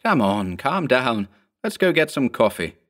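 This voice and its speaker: A man doing a calm, unruffled clone. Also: mid-range voice, measured pace, voice pushed up. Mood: soothing. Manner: calm, reassuring. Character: calm, cool-headed male clone.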